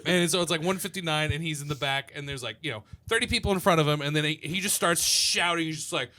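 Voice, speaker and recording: A man telling bar stories on a podcast recorded inside a bar, blunt and quick to swear as he acts out rowdy customers. His voice is high for a man and bright, with a tense edge. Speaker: podcast co-host.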